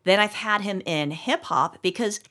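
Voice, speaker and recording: A woman's voice: mid-range voice, expressive, moderate pace, pushed and bright. Chatty foul-mouthed woman. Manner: rambling, profane storytelling with many restarts. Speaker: podcast co-host. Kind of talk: casual chat.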